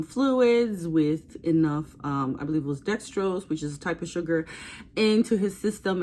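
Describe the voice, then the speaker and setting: A young woman vlogger chatting casually while she gets ready, telling a long personal story with lively asides. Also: sits low. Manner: chatty and animated, breaks into quoted voices.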